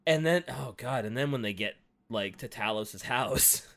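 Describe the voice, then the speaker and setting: A young man co-hosting a casual book discussion, animated and acting out characters' lines with big jumps in pitch. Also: a little slow. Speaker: podcast co-host.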